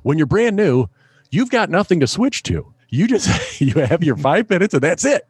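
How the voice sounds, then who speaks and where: Brief: middle-aged male stand-up, animated storyteller, lively pitch, dry close mic. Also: moderate pace, breathy edge, no echo. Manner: animated anecdote-telling, laughs often, acts out voices in quotes. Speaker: stand-up comedian, guest. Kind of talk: storytelling in a podcast interview.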